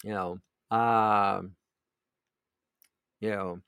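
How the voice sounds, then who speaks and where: A man's voice: on the low side, fairly even intonation, drawn-out words, creaky, a bit bright, clean tone, no room sound. A middle-aged man, ranting about politics in a sarcastic, indignant way, often laughing and repeating himself. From Canada. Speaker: vlogger. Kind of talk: political rant.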